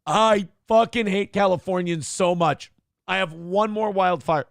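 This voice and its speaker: A man's voice: high-pitched, a little slow, creaky, no room sound, clean studio sound. A man hosting a morning talk show, ranting in a casual, profane, exasperated way.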